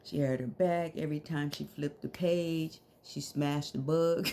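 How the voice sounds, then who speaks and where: A woman's voice: low voice, steady tone, measured pace, gravelly, mellow. A middle-aged woman telling a story to her viewers in a casual, slangy way, laughing often.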